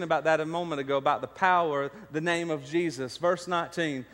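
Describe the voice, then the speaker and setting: Brisk and rarely pausing, this pastor speaks in a somewhat high, bright voice inside a large hall used as a church sanctuary. His sermon moves from stories to emphatic points.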